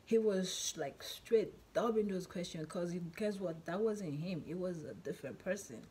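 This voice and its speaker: A woman vlogger chats through a storytime, rambling along with lots of "like" and restarts. Her voice sits on the low side, with a faint hiss of noise in the background. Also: moderate pace, mellow. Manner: chatty, rambling, many fillers and repeats. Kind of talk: casual storytime.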